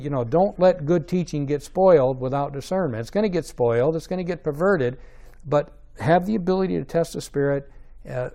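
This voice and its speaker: A man's voice: medium pitch, dark tone. A man teaching a Bible study in a conversational way, checking in with rhetorical questions and rising to emphatic stresses.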